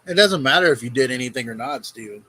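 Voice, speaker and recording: A man's voice: mid-range voice, animated, fast talker, bright, forceful tone, low-quality recording. A man hosting a reaction video, giving blunt, profane advice in casual commentary. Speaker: vlog host reacting to a video.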